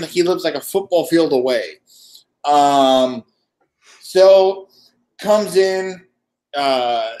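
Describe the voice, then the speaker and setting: A man chats casually on a live stream, his voice sitting a bit high. He tells stories with energy and acts out each exchange himself. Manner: animated storyteller, acting out dialogue. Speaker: co-host. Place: wine shop after hours, dim lighting.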